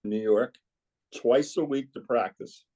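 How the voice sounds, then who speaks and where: A man reminisces about his years coaching a girls' club team, wandering from one memory to the next. His voice sits at an ordinary middle pitch. He talks like a guest in a relaxed podcast chat. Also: measured pace. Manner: rambling, reminiscing storyteller. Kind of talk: casual podcast conversation.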